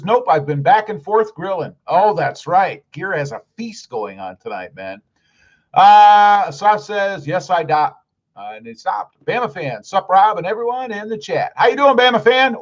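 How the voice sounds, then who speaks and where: Middle-aged man, live stream host, upbeat and friendly, slightly high voice, a bit dull lo-fi audio. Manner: upbeat, friendly, calls viewers buddy and man. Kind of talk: casual live stream chat, reading comments aloud.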